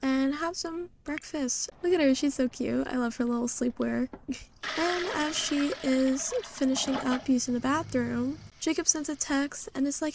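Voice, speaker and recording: A woman gives casual, chatty narration over a life-sim game, bubbly and filled with little fillers. Her voice sits high and light throughout. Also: moderate pace, darkish tone, slight background noise, low-quality recording. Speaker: gameplay narrator.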